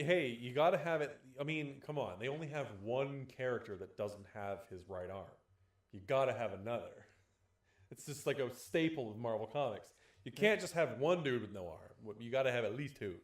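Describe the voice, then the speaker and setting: A man's voice: medium pitch, moderate pace. A man co-hosting a podcast in casual chat. He rambles, swears freely and keeps steering the topic. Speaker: podcast co-host.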